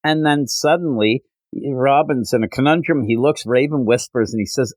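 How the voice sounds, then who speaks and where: A man hosting a podcast, casually recapping a comic book issue in an animated way with frequent fillers. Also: medium pitch, moderate pace, dry recording, low-quality recording. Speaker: podcast host.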